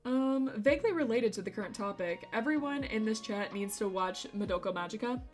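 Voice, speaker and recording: A woman's voice: a little high, expressive, a little fast, soft background music. A woman streamer chatting casually with her live chat, playful and rambling, laughing often between remarks.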